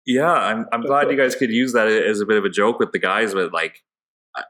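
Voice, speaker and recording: Fast, bright-voiced male podcast host. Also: on the low side, steady tone. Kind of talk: casual interview chat.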